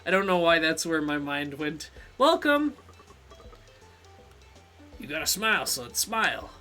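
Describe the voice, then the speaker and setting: A man's voice: fairly high pitch, moderate pace, sharp tone, soft background music. A man streaming a video game live, rambling through jokey, self-mocking asides as he plays.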